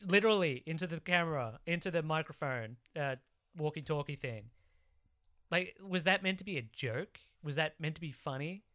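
A man's voice: on the high side, normal speed, bright, forceful tone, smooth. A man co-hosting a casual chat, recapping a film plot with sarcastic asides. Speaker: podcast co-host.

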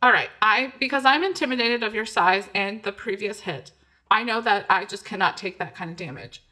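A woman's voice: mid-range voice, lively intonation, a little fast, sharp tone. A woman playing an oblivious home cook who forages mushrooms, talking breezily and then getting flustered.

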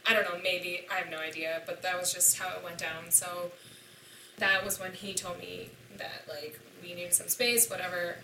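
A woman's voice: lowish voice, flat delivery, moderate pace, vocal fry, background noise. A young woman candidly recounting a painful personal story as a podcast guest, her speech full of "like". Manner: candid and emotional, filled with "like". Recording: roomy and distant from the mic.

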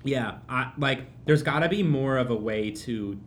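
A man's voice: mid-range voice, unhurried, a little hiss or hum. A man co-hosting a podcast in casual chat, rambling and restarting sentences, laughing often. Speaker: podcast co-host.

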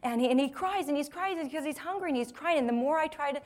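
A woman in her forties giving a humorous storytelling talk to a live audience, lively and self-mocking, laughing often and acting out what people said. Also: sits high, fast talker. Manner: lively, self-mocking, acts out quoted voices. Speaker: motivational speaker.

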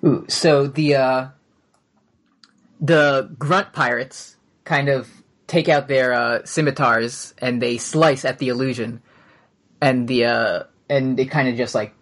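A man's voice: medium pitch, steady tone, slow, a bit bright. A man narrating as game master in a tabletop game, casual and full of fillers. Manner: casual, hesitant with many fillers.

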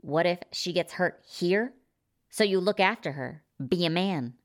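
Woman doing a scornful prepper wife in a story, snappy and sharp. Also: fairly low pitch, expressive, normal speed, pitched above the performer's own voice, natural voice. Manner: snapping, contemptuous.

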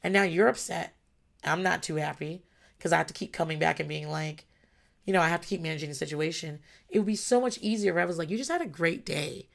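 A woman talking about parenting in a frank, animated way, swearing freely and acting out her kids' and her own voices. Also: deep voice, quick pace, vocal fry. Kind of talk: casual talk to camera about parenting.

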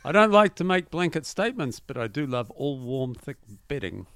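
An older man with a New Zealand accent, telling dad jokes one after another in a deadpan way. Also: fairly high pitch, moderate pace, no room sound. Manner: deadpan dad-joke delivery. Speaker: joke-telling father on a recording.

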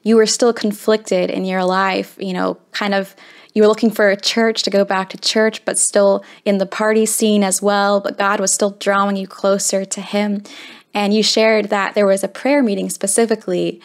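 A woman interviewer gently prompting her guest to share her story. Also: mid-range voice, flat delivery, moderate pace. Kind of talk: interview questions.

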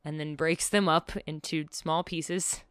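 Woman, podcast co-host, casual movie recap, animated, swears a lot, smooth clear voice, dry close sound. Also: low voice, measured pace, dry recording. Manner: animated, profane, acts out quotes with laughter.

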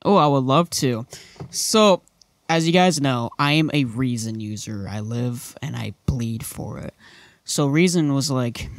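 A man's voice: mid-range voice, a little slow, no echo. A young man co-hosting a casual podcast, rambling with lots of fillers into a microphone. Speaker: podcast co-host. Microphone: studio microphone.

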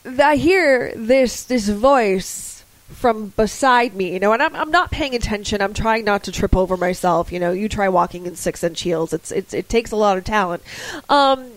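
A woman co-hosting a podcast in casual chat, telling a story in an animated, gushing way. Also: mid-range voice, no echo, low-quality recording. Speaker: podcast co-host.

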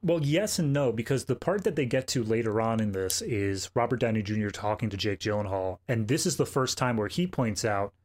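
A man co-hosting a podcast, chatting casually about a film and adding measured facts and counterpoints. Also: fairly low pitch, darkish tone. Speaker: podcast co-host. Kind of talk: casual film review chat.

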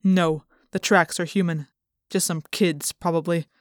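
A woman's voice: lowish voice, steady tone, measured pace, dry recording, studio quality, pitched below the performer's own voice, natural voice. A woman voicing a cruel, scheming grown man who speaks coldly and dismissively in an audiobook. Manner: cold, dismissive. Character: cruel scheming adult man, school official.

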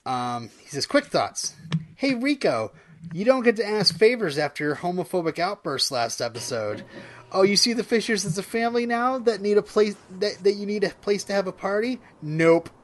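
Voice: mid-range voice, big pitch swings, normal speed. A podcast host chatting casually and reading out a listener email, with many fillers and frequent laughs.

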